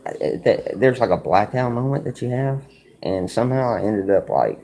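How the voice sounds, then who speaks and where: While streaming a card game, a man casually tells a rambling, profane story packed with "like" and "you know." His voice is low and creaky with a dark tone.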